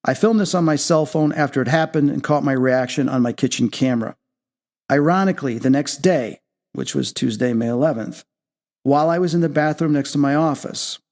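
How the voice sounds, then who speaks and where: A man hosting a paranormal talk show, telling a personal story in an animated way. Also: brisk. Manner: excitable, leaps high when reenacting his own reactions. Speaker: podcast host.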